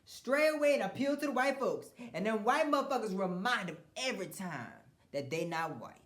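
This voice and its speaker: A man's voice: high-pitched, animated, fairly quick, a bit bright. A man hosting a podcast, giving a blunt, profane political rant with frequent mocking laughs and stumbling restarts. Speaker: podcast host. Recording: roomy echo.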